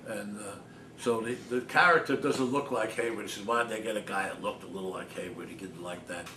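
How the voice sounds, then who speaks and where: An older man tells stories to a cafe audience, laughing and mimicking others as he goes. He sits away from the microphone, so his voice arrives echoey and a little distant. Steady background noise runs under the whole talk. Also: lowish voice, brisk. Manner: animated, laughing storyteller, mimics his father's voice. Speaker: author giving a talk. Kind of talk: anecdotal storytelling talk. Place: small cafe, audience present. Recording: roomy, distant mic, noisy.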